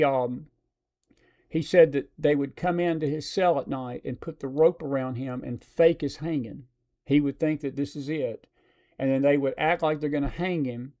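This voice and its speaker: A man with a notably high-pitched voice hosts a streamed talk show. He talks straight to his audience in an emphatic, preacher-like rant. He repeats phrases for effect and often restarts his sentences with fillers. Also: darkish tone. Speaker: show host. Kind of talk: live-stream commentary talk.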